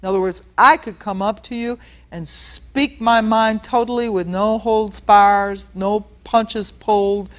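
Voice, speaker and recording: A woman's voice: mid-range voice, steady tone, a little slow. A woman pastor leading a Bible study in a casual, conversational teaching style, explaining word meanings and acting out the quotes she reads. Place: studio.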